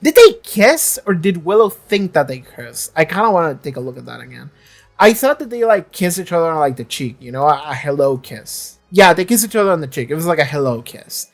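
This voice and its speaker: Casual reaction vlogger rambling about an episode, swears a lot, mid-pitched voice. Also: expressive, brisk, soft background music. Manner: chatty, swears freely, acts out characters in quotes. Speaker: reaction video creator.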